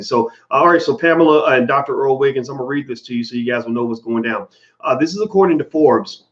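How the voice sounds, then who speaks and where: A man talking loosely and conversationally as he hosts a live stream, reading out viewer comments as he goes. His voice sits at an ordinary middle pitch. The sound is a bit dull and lo-fi. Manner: casual, chatty, greets viewers by name. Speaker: host.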